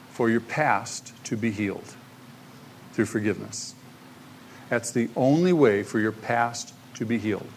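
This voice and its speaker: Male pastor preaching with lively emphasis; faint background noise. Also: medium pitch. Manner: animated preaching, acting out the parable's voices. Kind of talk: sermon.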